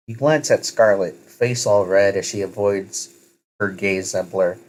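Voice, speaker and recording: A man's voice: low-pitched, fairly even intonation, a little slow, slight background noise, poor audio. A man casually reading a second-person story aloud, often correcting himself. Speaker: story reader.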